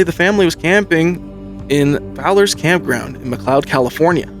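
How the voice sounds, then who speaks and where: A male podcast host telling an eerie true story in a casual, animated way, building suspense with pauses. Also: a little high.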